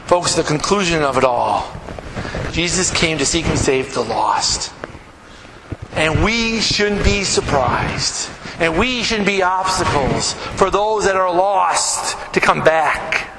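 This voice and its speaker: A man preaching a live sermon as pastor, telling stories emphatically and dropping to hushed, earnest tones. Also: fairly high pitch, lively intonation, takes it slowly. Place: church sanctuary. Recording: echoey church hall, noisy live recording.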